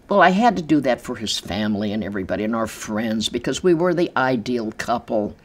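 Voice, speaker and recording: Older woman, low-ish voice, lively swinging pitch, animated storyteller, interviewed at home. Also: normal speed. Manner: animated, acts out quoted voices, laughs easily. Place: large empty room in her apartment.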